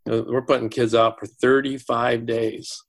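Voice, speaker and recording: Gravelly-voiced man telling a story. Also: mid-range voice, little pitch movement. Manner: halting, repeats words, quotes students. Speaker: school administrator. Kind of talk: interview storytelling.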